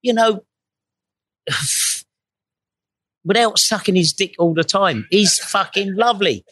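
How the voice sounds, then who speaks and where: A man's voice: high voice, takes it slowly, pauses often, a bit bright, no room sound. A man, a guest in a casual chat, telling anecdotes freely with swearing and quoted voices.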